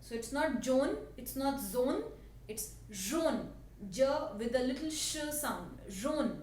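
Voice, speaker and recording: A slow, patient woman with an Indian English accent teaches a language lesson and repeats each word, her voice set fairly high. She sounds a little distant in an echoey room. A faint hiss runs behind her. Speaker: French teacher.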